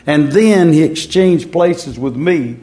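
A man's voice: fairly high pitch, slow pace, warm tone. A man preaching a sermon in a folksy, repetitive way, drawing out words for emphasis.

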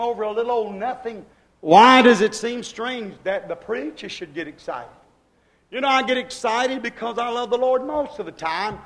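A man preaching a sermon as pastor, swinging from quiet asides to shouted exclamations in a repetitive, emphatic cadence. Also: extremely high pitch, low-quality recording. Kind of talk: Pentecostal-style sermon.

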